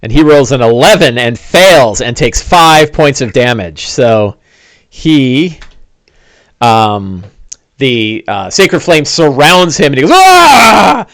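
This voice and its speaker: A man narrating a tabletop fantasy game as game master, telling the scene in an animated way with fillers and asides. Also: mid-range voice, takes it slowly, dry recording.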